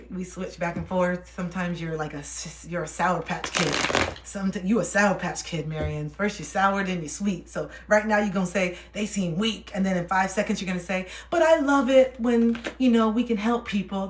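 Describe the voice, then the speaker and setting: A young woman chatting casually on a livestream while reading cards for viewers, laughing often and soothing when she reassures. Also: on the low side. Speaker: livestream card reader. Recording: roomy echo.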